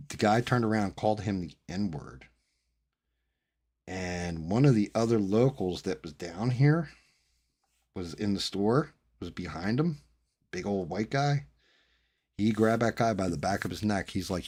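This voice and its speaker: A man's voice: on the low side, animated, measured pace, long pauses, darkish tone, breathy edge. A middle-aged man from New Jersey, chatting casually with viewers and telling rambling, profane stories. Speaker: streamer host chatting with viewers. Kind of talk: casual chat.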